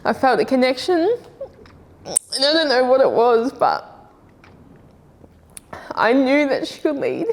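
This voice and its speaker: A woman's voice: high-pitched, big pitch swings, slow pace, pauses often, big-room sound. A woman with an Australian accent, an army veteran and footballer telling her story in a candid, plain-spoken, rambling way. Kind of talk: reflective personal testimony.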